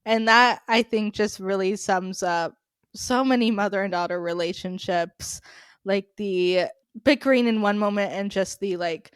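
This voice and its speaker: Young woman, podcast co-host, smooth and clear, close dry mic, gushy and giggly. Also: mid-range voice, unhurried, no echo. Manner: gushing, laughs often. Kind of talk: casual chat.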